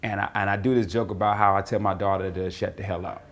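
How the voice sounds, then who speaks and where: Gravelly low-voiced comedian, casual talk. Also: male voice, fast. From North Carolina, USA. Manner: relaxed, rambling, repeats words. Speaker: comedian being interviewed. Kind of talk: casual interview answers.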